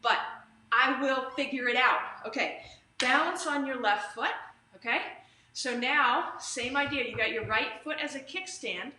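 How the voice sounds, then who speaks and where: Bright, high-voiced woman leading a workout. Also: a little slow. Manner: upbeat, chatty, drifts into tangents. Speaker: fitness instructor. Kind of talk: live online exercise class. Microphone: camera or phone streaming live. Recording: roomy echo.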